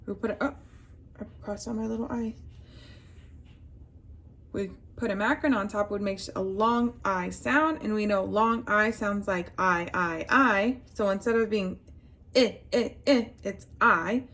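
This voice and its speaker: A woman teaching a phonics lesson to young children, slowly sounding out words and prompting the class to answer. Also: mid-range voice, steady tone, fairly bright tone.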